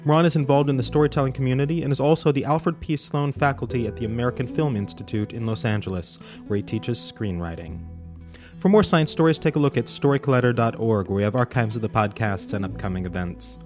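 Podcast host guy reading credits, upbeat, soft guitar behind, mid voice. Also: medium pitch, fast. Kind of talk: scripted outro read. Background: light guitar music.

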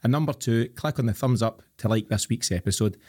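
A Scottish man hosting a podcast, presenting in an upbeat, brisk way and teasing his co-hosts. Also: mid-range voice, warm tone. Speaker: podcast host. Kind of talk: casual podcast chat.

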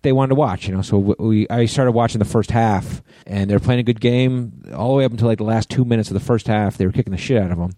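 Middle-aged podcast co-host, male, low mellow voice, rambling profane storyteller, dry close sound. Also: quick pace, hardly any pauses, dry recording. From US East Coast. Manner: rambling storyteller, swears a lot. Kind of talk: casual chat.

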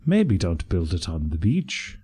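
A man's voice: low-pitched, wildly swooping pitch, measured pace, mellow, slightly rough. Easygoing man in his late twenties. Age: late 20s. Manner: easygoing, wry humour. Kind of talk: casual chat.

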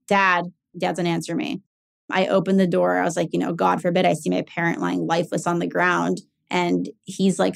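Low, gravelly young woman recounting candidly. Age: 20s. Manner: candid, filler-heavy with frequent "like". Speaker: caregiver sharing her story. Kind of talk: personal storytelling.

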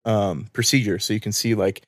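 Casting: male podcast co-host, animated storyteller, dry close sound. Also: fairly low pitch, fairly quick, no room sound. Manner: animated storyteller, acts out voices, laughs often. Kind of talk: casual chat, storytelling.

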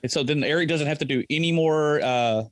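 Fast-talking excitable male co-host. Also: a little high, dry recording. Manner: excitable, swears, says dude. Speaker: podcast co-host. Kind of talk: casual chat.

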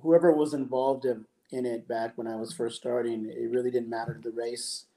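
A man in his sixties from California, telling stories as a guest in a casual interview, relaxed and reflective. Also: mid-range voice, normal speed. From San Jose, California. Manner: relaxed, reflective, with laughs and throat-clearing. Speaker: guest, pro skateboarder.

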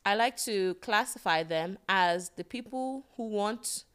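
A woman's voice: mid-range voice, a little slow, fairly bright tone, clear, resonant tone. A woman co-hosting a podcast, giving playful, slangy advice in casual chat. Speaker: podcast co-host.

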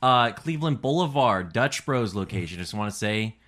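Young male co-host, bright tense tone, rambling casual storytelling. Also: lowish voice, expressive. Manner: rambling storyteller, halting restarts. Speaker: podcast co-host. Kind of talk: casual chat.

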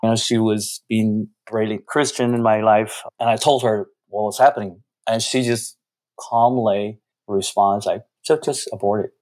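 A man's voice: fairly low pitch, little pitch movement, unhurried, a little mellow. A man, giving earnest, reflective interview answers with frequent restarts. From China.

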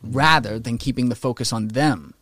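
A man talking in a casual podcast conversation, animated and opinionated, swearing freely and slipping into mocking voices for quotes. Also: medium pitch, moderate pace, no echo, studio quality.

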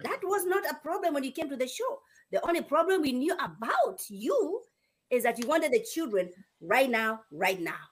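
A woman's voice: sits high, sing-song, moderate pace. A woman on a review panel recapping a dating show in casual chat, emphatic and repeating herself as she gets worked up.

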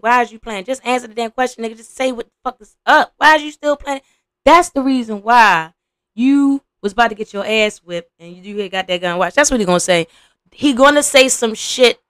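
A young adult woman hosting a podcast, giving blunt, profane, animated reaction commentary. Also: a little high, dry recording, clean studio sound. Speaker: podcast host.

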